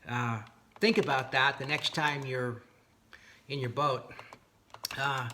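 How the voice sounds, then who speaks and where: A man's voice: medium pitch, slow pace, pauses often, a little hiss or hum. A man telling a long story about a dispute over his boat motors, reenacting both sides of the talk and sounding fed up and incredulous. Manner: animated retelling with exasperated, incredulous asides. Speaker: boat owner recounting a dispute. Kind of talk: casual storytelling to camera.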